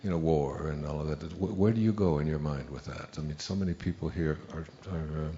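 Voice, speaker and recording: A man's voice: a bass voice, brisk, mellow. A man hosting an on-stage talk, asking earnest, rambling questions. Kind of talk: conversation on stage. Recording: muffled recording with faint room noise.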